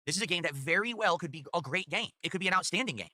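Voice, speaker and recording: A man streaming, answering chat questions in a rapid, matter-of-fact way. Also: sits high, animated, sharp tone, dry recording. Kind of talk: live-stream chat reading.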